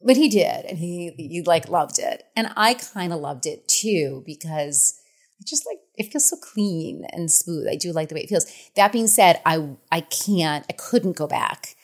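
A middle-aged woman speaking as an author and podcast guest, frank and animated, laughing often. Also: lowish voice, measured pace. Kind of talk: candid podcast conversation.

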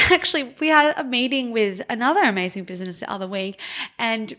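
A young adult woman co-hosting a podcast who tells stories in an animated way, peppered with "like". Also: a little high, a little fast. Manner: animated storyteller, heavy use of "like". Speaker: podcast co-host. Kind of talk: casual chat.

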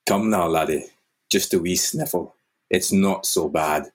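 A man doing a wry young Scottish dad with a husky voice. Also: sits low, unhurried. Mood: gentle. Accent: attempted Scottish. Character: young Highland husband and father, wry.

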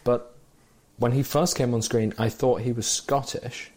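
An enthusiastic man chats about a film, happily recounting small details he loved. He speaks casually, in a voice of ordinary middle pitch. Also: fairly even intonation, unhurried, darkish tone. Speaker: film podcast co-host. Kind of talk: casual conversation.

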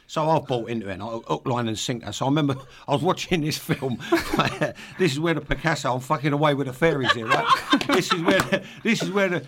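A man's voice: on the high side, expressive, fast, hardly any pauses, very noisy. An older man, a guest telling rambling, blunt stories full of swearing and wisecracks. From East London. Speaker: podcast guest, former football player and manager. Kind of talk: casual chat, storytelling.

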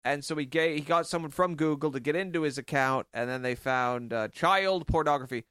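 A man co-hosting a podcast, recounting a story in a deadpan, sarcastic way. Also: on the high side, brisk, clear, resonant tone, dry recording. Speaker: podcast co-host. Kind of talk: casual comedic chat.

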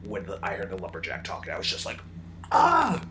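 A man co-hosting a home podcast, talking through a movie in a loose, animated way. He jumps into bits of acted-out scenes mid-sentence. The recording carries clear background noise. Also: low-pitched, racing. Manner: animated, acts out scenes in bursts. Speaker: podcast co-host. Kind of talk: casual movie review chat.

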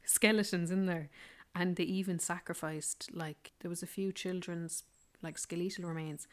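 A woman telling a rambling, casual travel story, full of "like" and "yeah". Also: fairly low pitch. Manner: chatty, rambling, fond of fillers like "like" and "yeah". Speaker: travel vlogger.

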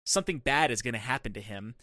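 Young male podcast co-host, rapid casual delivery, dry close sound. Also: mid-range voice, lively intonation, bright, forceful tone, dry recording. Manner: rambling, many "like" fillers. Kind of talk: casual chat.

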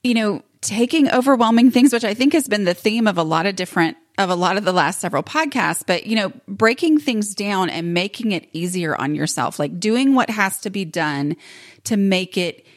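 A woman's voice: mid-range voice, lively intonation, normal speed, dry recording, clean studio sound. Chatty woman hosting a podcast. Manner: chatty, rambling, with many fillers and restarts. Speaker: podcast host. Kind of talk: casual podcast intro.

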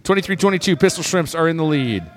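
A man's voice: on the high side, lively intonation, quick pace, slight background noise. A man calling a basketball game as comedic play-by-play commentator with playful, improvised banter.

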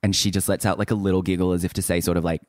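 A man with a very low, deep voice talks through a reality-show recap in relaxed podcast banter. His delivery is loose and jokey, full of quick asides. The recording is dry, with no room sound. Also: no room sound. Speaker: podcast co-host.

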